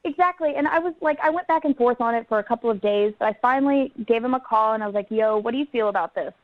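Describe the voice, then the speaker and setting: A woman's voice: sits high, quick pace, no echo. Chatty woman caller on a dull phone line. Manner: giggly, chatty storytelling. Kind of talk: phone-in chat.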